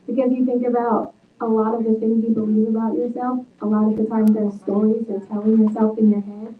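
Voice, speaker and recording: A woman's voice: on the high side, flat delivery, a little fast. A woman author speaking at a book talk, telling stories earnestly and reflectively. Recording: tinny, echoey, far from mic.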